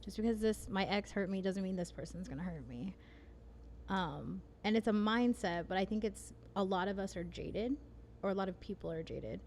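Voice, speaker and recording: A woman's voice: medium pitch, normal speed, a little mellow, a little hiss or hum. A woman hosting a casual podcast conversation, telling personal stories in a frank, candid way. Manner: candid, frank storyteller with mild swearing. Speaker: podcast host.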